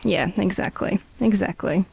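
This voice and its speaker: Gravelly-voiced woman, dry and matter-of-fact. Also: medium pitch, normal speed, darkish tone. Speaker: podcast co-host. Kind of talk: casual comedic podcast chat.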